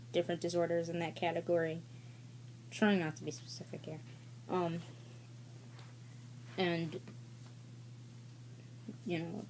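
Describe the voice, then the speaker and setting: A woman's voice: fairly low pitch, dark tone, slight background noise. A woman vlogger telling a casual story-time tale in a rambling, candid way, with frequent fillers and swearing.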